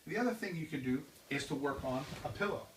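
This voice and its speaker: A man giving a drum lesson, explaining exercises and counting them off loudly. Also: fairly high pitch, expressive, quick pace, very noisy. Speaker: drum teacher. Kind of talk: instructional demonstration. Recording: roomy, distant mic with loud drumming. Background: drums.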